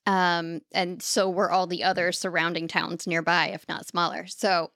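A woman co-hosts a podcast with wry, quick asides. Her voice sits a little low. The sound is dry and close. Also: little pitch movement, a bit bright, dry recording. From central Texas. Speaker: podcast co-host. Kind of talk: casual podcast interview.

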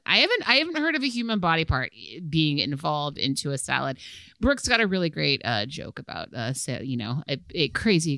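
A woman co-hosting a podcast, telling stories in lively, casual chat. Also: low voice, creaky, dry recording, clean studio sound. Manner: lively storyteller, laughs often. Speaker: podcast co-host.

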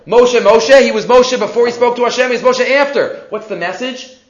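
Casting: high-voiced man, animated Torah teacher, dull echoey room recording. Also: brisk. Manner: animated, acts out quotes, repeats himself. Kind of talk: Torah class lecture.

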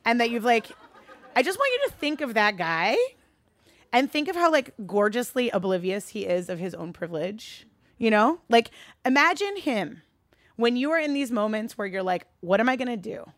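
A woman's voice: moderate pace, dry recording. Fired-up woman with a dry voice. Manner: animated, swears freely, rises into a high register when worked up. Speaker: speaker addressing a live audience. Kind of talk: candid motivational talk.

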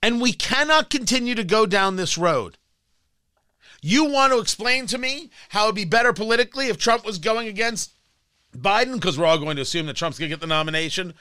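A man's voice: sits high, lively intonation, a little fast, pushed and bright, clean tone, no room sound. A man hosting a talk radio show, delivering an emphatic, combative monologue into a studio microphone.

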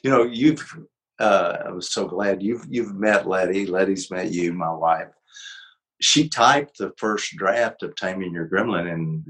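An older man, a psychologist and author, talking as an interview guest in a gentle, reflective way with easy laughs. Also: deep voice, rough recording. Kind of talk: conversational interview.

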